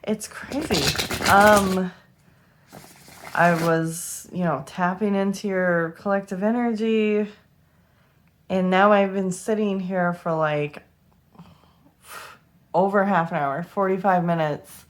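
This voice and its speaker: A woman's voice: medium pitch, fairly even intonation, slow, long pauses. A young woman giving a tarot reading to camera, emotional and close to tears, swearing freely as she talks. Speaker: tarot reader.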